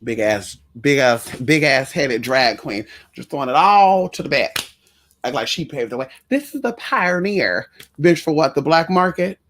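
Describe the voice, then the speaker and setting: A woman's voice: deep voice, big pitch swings, measured pace. Sassy chatty trans woman vlogger. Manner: sassy, chatty, addresses viewers as y'all and honey. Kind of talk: casual storytelling to viewers.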